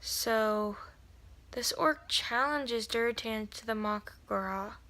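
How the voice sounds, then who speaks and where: A video creator is summarizing a novel in a casual spoken recap, her voice a little high, her pace slow and her tone sharp. She rambles, leans on lots of fillers and keeps correcting herself. Now and then she drops to a whisper for an aside.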